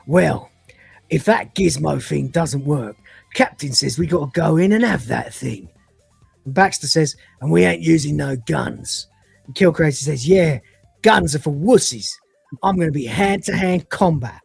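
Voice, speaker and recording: A woman with a fairly low voice chats through an episode recap. She keeps breaking into character voices as she retells the scenes. The sound is dry and close, with faint music under it. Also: expressive, unhurried, vocal fry, darkish tone, breathy edge, dry recording. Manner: acts out the characters' lines with voices and laughs. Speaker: podcast co-host reviewing episodes. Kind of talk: casual livestream review, retelling scenes.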